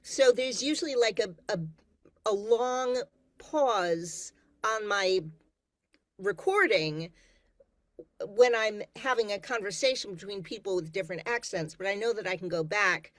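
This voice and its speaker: A woman audiobook narrator in a panel discussion, speaking in a halting, thoughtful way. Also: mid-range voice, fairly bright tone, dry recording.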